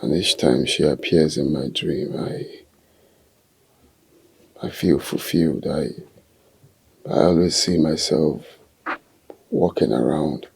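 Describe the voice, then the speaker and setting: A gravelly, tormented husband. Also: male voice, a bass voice, slow, pauses often, heavily acted. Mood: troubled. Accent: Nigerian. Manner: pleading, rising into anguished shouts. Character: crippled husband tormented by a spirit. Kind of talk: Nollywood film acting.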